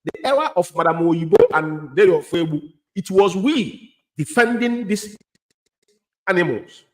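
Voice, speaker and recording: A man co-hosting a talk show, pushing his points emphatically and cutting in to agree. His voice sits a little high and swings widely in pitch. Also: lively intonation, unhurried. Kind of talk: heated online talk show.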